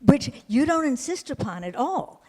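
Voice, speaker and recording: A woman's voice: high voice, very animated, normal speed, mellow. Articulate woman interviewer in a reverberant hall. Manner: articulate, long probing questions. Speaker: interviewer, host. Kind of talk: onstage interview.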